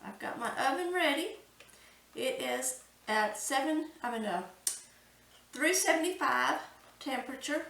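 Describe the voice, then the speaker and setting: A woman's voice: high-pitched, lively intonation, unhurried, gravelly, pauses often, fairly bright tone, roomy sound, recorded from a distance, poor audio. A woman hosting a cooking channel, talking through a recipe step by step and exclaiming with delight.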